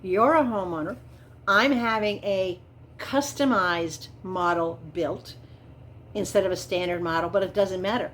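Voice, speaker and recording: A woman's voice: mid-range voice, a little hiss or hum. Chatty enthusiastic woman vlogger. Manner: chatty, enthusiastic, meandering with fillers. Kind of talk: casual chat narrating a home build.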